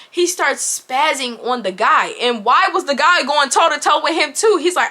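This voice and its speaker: A woman in her twenties telling a casual storytime to her viewers, animated and chatty, talking straight to the audience. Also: high-pitched, moderate pace, few pauses. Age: 20s. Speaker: YouTuber.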